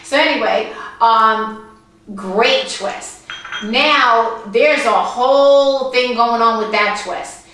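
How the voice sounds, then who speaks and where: A woman's voice: a little high, slow, a bit bright, recorded from a distance. A woman with a Brooklyn accent, co-hosting a casual movie review and often jumping in to interrupt. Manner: chatty, jumps in and interrupts. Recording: echoey room.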